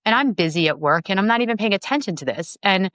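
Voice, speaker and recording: A woman in her forties from Long Island, New York, telling her story as a podcast guest in a lively, chatty way, full of fillers. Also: medium pitch, quick pace, no room sound. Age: 40s. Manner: animated, acts out quoted dialogue, many fillers. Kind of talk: casual storytelling interview.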